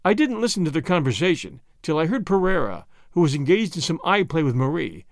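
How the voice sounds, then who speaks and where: A man reads a novel aloud in the first person. His delivery is dramatic and expressive, and his fairly high voice moves animatedly up and down. The recording is dry and close. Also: brisk, no echo. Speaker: audiobook narrator. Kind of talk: scripted first-person narration.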